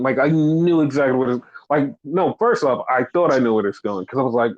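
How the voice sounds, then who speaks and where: A man's voice: medium pitch, fairly quick, hardly any pauses. A man hosting a casual podcast, ranting angrily with constant swearing and mocking sarcasm. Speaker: podcast host. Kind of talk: casual chat. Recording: dull lo-fi audio.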